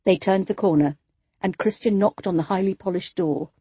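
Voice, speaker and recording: A woman's voice: mid-range voice, moderate pace, husky, no room sound, lo-fi sound. A woman narrating an audiobook, reading the dialogue with light shifts for each character. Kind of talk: scripted narration.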